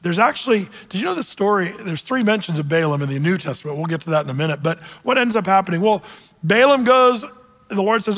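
High-voiced storytelling preacher. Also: male voice, lively intonation, fast talker, a bit bright, long reverb tail. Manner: storytelling, jokey asides, acts out voices. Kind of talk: sermon.

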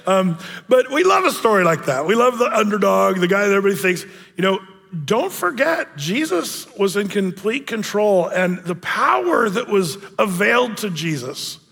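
Male pastor, high voice, casual storytelling sermon full of filler words, long church reverb. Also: very animated, normal speed, creaky, fairly bright tone, husky. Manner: chatty, storytelling, many fillers. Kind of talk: conversational sermon. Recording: long reverb of a large hall.

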